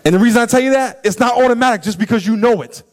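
A man preaching a sermon, animated and acting out scenes and quoted voices for the congregation. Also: very high-pitched, racing. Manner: animated, acts out stories and quotes. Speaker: pastor.

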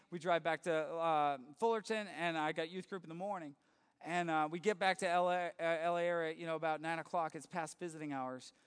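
High, smooth-voiced man telling a story. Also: a bit bright. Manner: conversational, halting restarts, acts out quoted dialogue. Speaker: youth pastor. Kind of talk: personal storytelling. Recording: reverberant hall.

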